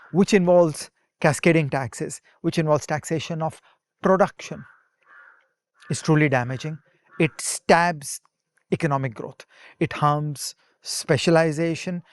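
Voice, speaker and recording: A man's voice: fairly high pitch, no room sound. A man, co-hosting a podcast, explaining economics in an emphatic, lecturing way. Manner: emphatic, lecturing with rhetorical asides.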